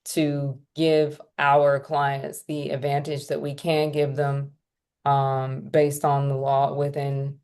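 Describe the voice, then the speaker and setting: A woman's voice: very deep voice, takes it slowly, smooth. A woman co-hosting a podcast as a tax professional, chatting casually and repeating her points. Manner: relaxed, repeats phrases, wraps up the episode. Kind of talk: casual chat.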